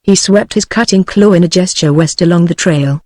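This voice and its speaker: A text-to-speech woman's voice with a British English accent, reading audiobook narration in an even, steady way. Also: on the low side, brisk, no echo, clean studio sound.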